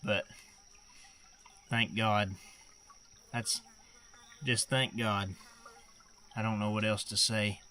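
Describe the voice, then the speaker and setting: A man talking slowly and emotionally to the camera outdoors in the woods while bowhunting. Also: lowish voice, flat delivery, bright, forceful tone, a little hiss or hum. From Arkansas. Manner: slow, emotional, drawling and thankful. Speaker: bowhunter filming his hunt. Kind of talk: outdoor hunting vlog talk to camera.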